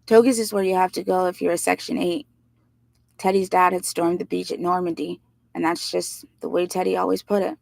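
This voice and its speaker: A woman reading a novel aloud in plain, steady first-person narration. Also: lowish voice, fairly quick, gravelly, no echo. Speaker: reader.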